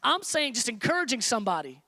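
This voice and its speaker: A man pastor preaching a sermon, repeating phrases for emphasis and dropping to soft, hushed tones when he tells stories. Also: very high voice, sing-song, fast talker. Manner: preaching with rising emphatic repetition.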